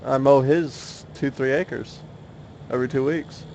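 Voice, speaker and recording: A man's voice: mid-range voice, fairly even intonation, unhurried, a little mellow. Young man from the South, race broadcaster, chatty, laughs a lot, faint noise behind. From Oklahoma, US South. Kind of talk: sim racing commentary.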